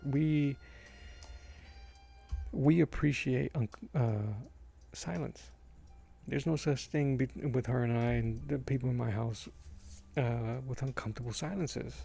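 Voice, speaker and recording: Gravelly-voiced man chatting casually. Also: mid-range voice. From Massachusetts, USA. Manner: rambling, storytelling with restarts and chuckles. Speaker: comic artist vlogger. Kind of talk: casual chat while drawing. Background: soft background music.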